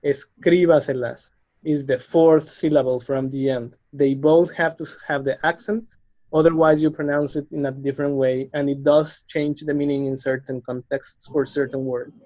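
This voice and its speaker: A man's voice: fairly high pitch, flat delivery, moderate pace, dark tone. A man teaching a language lesson, patiently spelling out letters and listing example words. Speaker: Spanish teacher. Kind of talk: slow explanatory lesson. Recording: slightly dull lo-fi recording.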